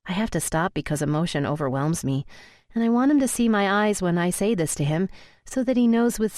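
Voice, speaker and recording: A woman's voice: mid-range voice, lively intonation, a little fast, darkish tone, no room sound, clean studio sound. Intimate woman narrating a romance audiobook. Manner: intimate, emotional reading.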